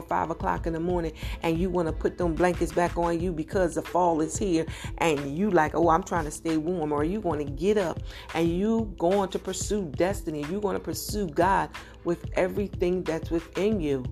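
A woman's voice: lowish voice, darkish tone. A woman preaching a sermon on a podcast, firing off rhetorical questions and building to emphatic, urgent peaks. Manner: exhorting with rapid rhetorical questions.

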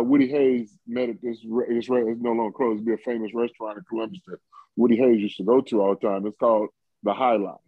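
A man's voice: mid-range voice, dry recording. A man in his fifties from Ohio, a former football player telling a story in an interview, rambling with many fillers and chuckling often. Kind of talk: conversational storytelling. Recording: dull lo-fi dry recording.

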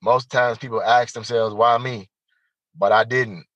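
A man telling a personal story as an interview guest, animated and emphatic, speaking straight to the listeners. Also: medium pitch, unhurried, dry recording, dull audio.

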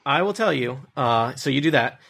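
Knarrig-rauer Spielleiter, entspannt lachend. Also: male voice, medium pitch, moderate pace, gravelly. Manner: relaxed, laughs often, many fillers. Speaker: game master. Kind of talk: narrating a tabletop game.

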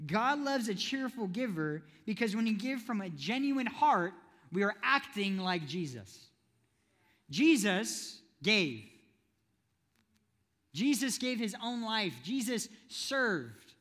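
A man with a notably high voice delivers a youth sermon in a church hall. He keeps it playful, pulling the audience in with questions. A long reverb trails off every phrase. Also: animated, a little slow, pauses often, pushed and bright. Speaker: youth preacher.

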